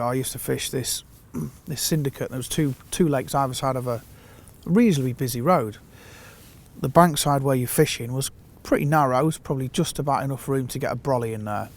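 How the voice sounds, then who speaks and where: A man telling a fishing anecdote in a casual, animated way, acting out the quotes. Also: mid-range voice. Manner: animated storyteller who acts out quotes. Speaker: fishing consultant.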